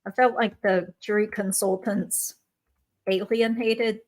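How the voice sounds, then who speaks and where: A woman's voice: medium pitch, fairly even intonation, slow, darkish tone. Friendly woman hosting a chat. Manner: friendly, conversational, agreeable. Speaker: host and YouTube lawyer. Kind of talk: casual interview chat.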